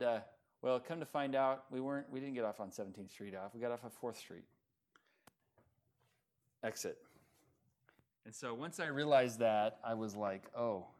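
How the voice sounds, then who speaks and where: A man preaching an evening sermon as pastor, talking in a conversational, self-deprecating way with plenty of fillers, then closing in prayer. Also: mid-range voice.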